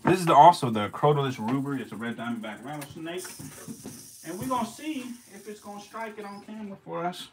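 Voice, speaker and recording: A man's voice: on the high side, fairly quick, background noise. A man filming his snakes as they feed, laughing, swearing and talking straight to the animals in a casual vlog.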